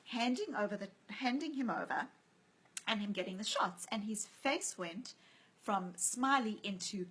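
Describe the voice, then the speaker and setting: A woman's voice: medium pitch, animated, a little slow, a bit bright, a little hiss or hum, poor audio. A woman speaking as an author and guest in a conversational interview, telling stories and acting out the voices she quotes. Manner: storytelling, acts out quoted voices.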